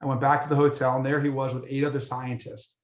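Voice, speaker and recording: A man's voice: medium pitch, quick pace. An American man, a guest photographer, telling stories in a casual interview and acting out the dialogue. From United States. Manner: animated storyteller, acts out dialogue. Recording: roomy echo.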